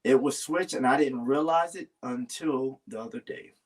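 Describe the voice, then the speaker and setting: A man's voice: mid-range voice, normal speed. A man talking earnestly in a casual heartfelt conversation, rambling and restarting his sentences. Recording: voice a little far from the mic.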